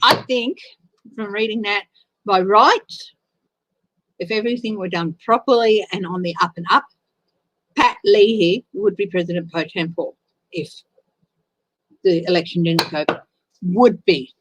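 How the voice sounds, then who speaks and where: A woman's voice: medium pitch, measured pace, long pauses, a bit bright, no room sound, rough recording. A woman giving a casual live tarot reading, chatty and openly emotional as she answers viewers. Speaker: tarot reader.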